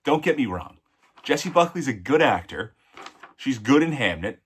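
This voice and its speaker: A man's voice: medium pitch, very animated, normal speed, slightly rough. A man giving a casual, blunt film review, rambling and correcting himself mid-sentence. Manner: blunt and opinionated. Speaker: movie reviewer.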